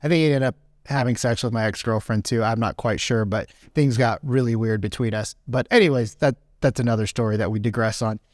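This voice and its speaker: A man's voice: mid-range voice, brisk, dry recording, clean studio sound. A man around forty telling a rambling business story in a casual talk and keeping on asking "right?". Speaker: business speaker.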